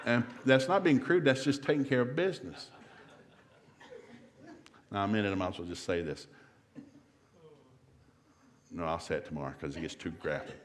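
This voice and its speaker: A middle-aged man with a Southern US accent, giving a humorous marriage seminar in a church and acting out the voices in his stories. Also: lowish voice. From American South. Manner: fast-talking storyteller acting out quotes. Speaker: seminar speaker. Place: church hall.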